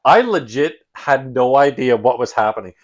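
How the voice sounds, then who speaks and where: A Canadian man co-hosts a podcast, chatting casually and telling a story in an animated way, swearing a lot and acting out scenes. His voice is medium-pitched at a normal speed.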